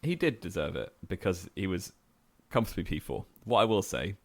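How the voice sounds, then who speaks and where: A man co-hosting a podcast, giving firm opinions in a steady, casual chat and laughing easily. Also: low voice, a little fast, vocal fry, dry recording. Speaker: podcast co-host.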